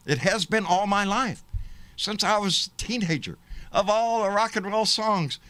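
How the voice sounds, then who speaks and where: A man's voice: a little high, sharp tone, no echo. A man hosting a live political stream, talking casually in an emphatic, rambling way and swearing freely. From Texas. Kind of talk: casual livestream talk.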